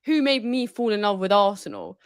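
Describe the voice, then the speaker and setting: A woman's voice: medium pitch, brisk, no echo. Young woman chatting about football, dry studio sound, easygoing. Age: young adult. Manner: relaxed and chatty, with many fillers. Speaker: co-host or guest. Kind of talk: casual chat.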